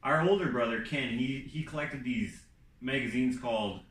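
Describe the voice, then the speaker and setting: A man co-hosting a casual talk show, telling his side of a story in a relaxed, chatty way and adding background detail. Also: mid-range voice, moderate pace, reverberant, far from the mic, low-quality recording. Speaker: co-host.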